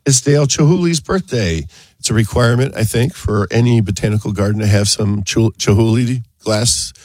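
A man's voice: lowish voice, a little fast, a little mellow, no room sound. A man hosting a talk show, chatting casually, rambling and laughing often. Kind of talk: casual on-air chat.

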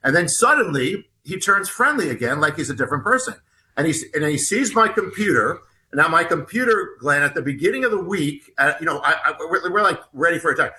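A man speaks as a guest author, his voice strikingly bright and sitting a little high. He tells his story in an earnest, halting way, often stopping to restart a thought. He lays out the exchange step by step as he goes. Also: expressive, rough recording. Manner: earnest, halting, retells dialogue. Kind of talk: storytelling in conversation.

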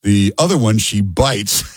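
A man with a husky, somewhat low voice hosts talk radio from a dry studio. He talks casually with plenty of fillers, even while reading ads. A hint of New sits in his speech. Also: takes it slowly, dry recording. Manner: relaxed, chatty, many "uh" fillers. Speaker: radio host filling in. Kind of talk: talk radio with live ad read. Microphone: studio microphone.

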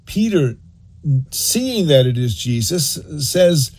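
A man preaching a sermon, telling the story in an animated, earnest way and urging listeners to act on it. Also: fairly high pitch, a little slow, husky. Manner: animated storyteller, acts out scenes; earnest, exhorting.

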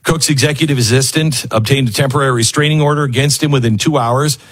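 Fast-talking and husky, with a medium-pitched, slightly bright voice, this man hosts an informal news commentary show. He leans on sarcasm and acts out quotations in different voices.

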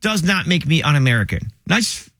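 A man's voice: a little high, sing-song, normal speed, fairly bright tone, no echo. A man co-hosting a radio show who hesitates and stammers when he answers. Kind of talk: casual radio banter.

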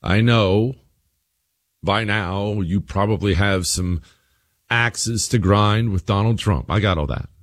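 Emphatic male talk radio host. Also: slow pace. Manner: emphatic, repeats phrases, swings between low asides and raised points.

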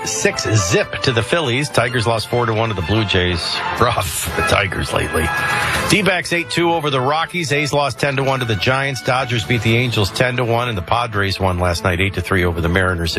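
A man hosting a morning talk radio show, running through scores and birthdays with a breezy, wry manner and an announcer's sing-song cadence. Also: mid-range voice. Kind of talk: casual radio chat and sports rundown. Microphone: studio microphone.

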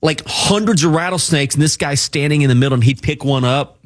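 Chatty man from Texas, slightly high voice. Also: fairly quick. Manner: chatty anecdotal storyteller. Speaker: broadcaster, show co-host. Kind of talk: casual chat.

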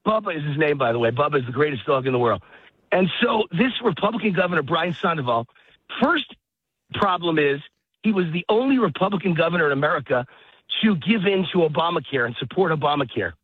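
A man's voice: a little high, lively intonation, fast talker, breathy edge, dry recording. A man talking heatedly over the phone while out of breath from walking his dog outdoors, ranting with emphatic repetition. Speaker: guest commentator. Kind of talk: phone-in political talk. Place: outdoors in a park. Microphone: phone line. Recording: tinny phone line, dry.

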